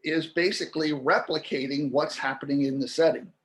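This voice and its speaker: A man's voice: on the high side, a little fast, fairly bright tone. A man in his sixties, a guest in an interview, explaining at length with frequent restarts and playful acted-out voices of babies and parents. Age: 60s. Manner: frequent restarts and repeated words.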